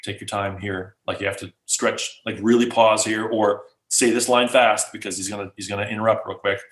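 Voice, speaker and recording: A man chatting casually as a guest speaker, animated and full of fillers. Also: lowish voice, a little fast, reverberant. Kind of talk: casual chat.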